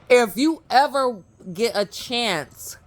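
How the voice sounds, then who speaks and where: A woman vlogger telling a personal story to her viewers, chatty and laughing often, with many fillers and asides. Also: fairly high pitch. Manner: addresses viewers directly. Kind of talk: storytelling monologue.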